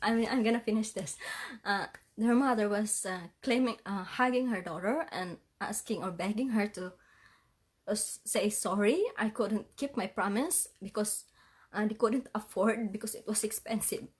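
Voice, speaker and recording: A tearful woman talks straight to her viewers, her voice unsteady from crying. She speaks in halting phrases, apologizing again and again and half-laughing through the tears. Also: mid-range voice, breathy edge. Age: adult parent. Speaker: vlogger. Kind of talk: emotional livestream vlog.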